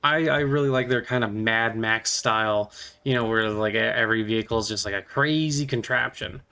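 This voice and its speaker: A man's voice: on the low side, fairly quick, sharp tone, clean tone. A man vlogging about miniatures in a casual, playful, rambling way.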